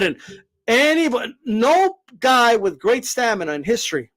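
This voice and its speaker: High-voiced man ranting about fights. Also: brisk. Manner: animated, profane, repetitive fillers. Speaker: boxing commentator. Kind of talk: casual opinion rant.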